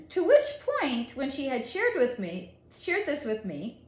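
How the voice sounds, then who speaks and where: A woman psychic reader telling a story in a monologue, with deliberate dramatic pauses and frequent laughs. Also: high-pitched, sing-song, darkish tone. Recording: echoey room.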